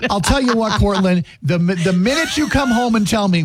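A man's voice: sits high, lively intonation, brisk, crowd noise. A man co-hosting a casual chat, teasing his co-host in a playful way.

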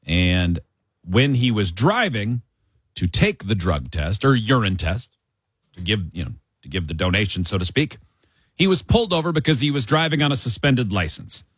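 A man hosting a radio talk show, telling a news story in a wry, animated way. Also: lowish voice, moderate pace, breathy edge, no echo, clean studio sound.

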